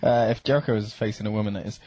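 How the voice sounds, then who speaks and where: A man's voice: fairly low pitch, fairly even intonation, rapid-fire, darkish tone, no echo. Joking man, dull dry recording. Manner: joking, offhand. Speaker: co-host in an older clip. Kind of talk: casual chat.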